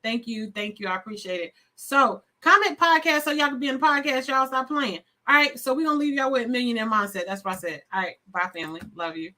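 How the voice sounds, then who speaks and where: A woman's voice: a little high, fast, hardly any pauses, bright, forceful tone. A woman hosting a live stream, signing off in a casual, effusive chat that often calls her viewers y'all. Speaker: live show host.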